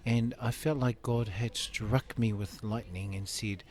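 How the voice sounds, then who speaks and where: A man's voice: fairly low pitch, fairly even intonation, measured pace, a little mellow. A man in his fifties giving an interview, telling a personal story earnestly and acting out the dialogue. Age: 50s. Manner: earnest, acts out quoted dialogue. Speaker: interview guest.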